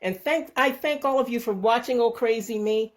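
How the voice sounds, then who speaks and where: In this casual kitchen vlog, a home cooking and canning host films on her handheld phone while showing a recipe. Her voice is on the high side at a normal pace, and her chatty, rambling delivery is full of restarts and small self-corrections. She's warm and sends blessings to everyone watching.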